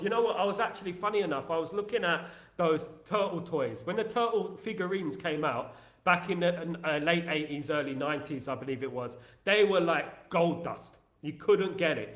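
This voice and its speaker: A man hosting a rambling, jokey, excitable casual chat. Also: high voice, roomy sound. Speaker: host.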